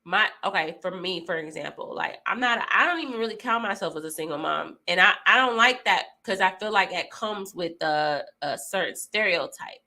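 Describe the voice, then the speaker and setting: A woman's voice: on the low side, animated, normal speed, hardly any pauses, pushed and bright. A young woman, a mother, talking candidly in a casual chat, frank and slangy.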